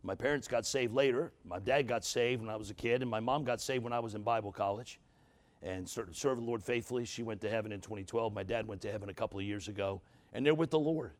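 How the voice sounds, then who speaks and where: A man with a New York accent and an unusual husky voice, preaching a fiery revival sermon in a church and calling out to the congregation. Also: fairly low pitch, quick pace. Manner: fiery, emphatic, calls out to the congregation. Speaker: guest preacher. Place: church sanctuary.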